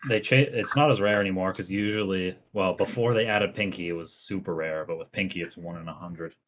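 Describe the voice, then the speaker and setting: A man's voice: low-pitched, a little fast, a bit bright. A young man co-hosting a casual podcast, telling rambling anecdotes in a laid-back way. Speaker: podcast co-host. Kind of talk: casual chat and storytelling.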